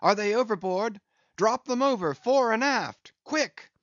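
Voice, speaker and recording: A man's voice: medium pitch, animated, a little slow, dry recording, dull audio. A man voicing Starbuck, an earnest, anxious ship's first mate who calls out warnings to the crew. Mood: alarmed. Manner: urgent, shouted warnings.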